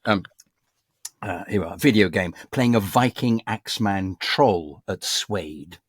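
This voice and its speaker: Animated, theatrical man. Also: lowish voice, measured pace, breathy edge, no room sound, clean studio sound. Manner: rambling, theatrical, self-mocking. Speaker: voice actor guest. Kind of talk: casual interview chat, reading from his book.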